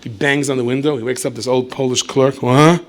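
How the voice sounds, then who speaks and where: A man's voice: medium pitch, little pitch movement, fast talker, slight background noise. A man, a rabbi, telling a story in a lecture with playful asides and acted dialogue.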